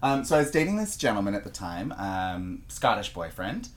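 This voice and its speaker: A man co-hosting a podcast, telling a story in casual chat, animated and laughing a lot as he talks. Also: on the low side, moderate pace, a little hiss or hum. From Canada. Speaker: podcast co-host.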